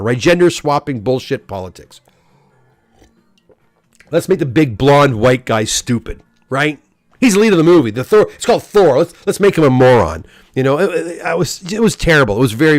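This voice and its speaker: A man's voice: mid-range voice, dry recording, clean studio sound. A middle-aged man hosting a live stream, reading chat comments aloud and ranting with lots of stammered restarts. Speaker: host of comic live stream.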